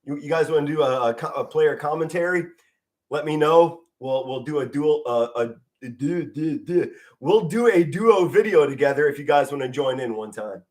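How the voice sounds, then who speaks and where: Middle-aged man, fan play-by-play streamer, standing, passionate and emotional, slightly high voice, occasional stutters. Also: expressive, normal speed, darkish tone. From Pennsylvania. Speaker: amateur play-by-play commentator. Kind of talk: live fan sports commentary stream. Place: home, standing in front of a flag.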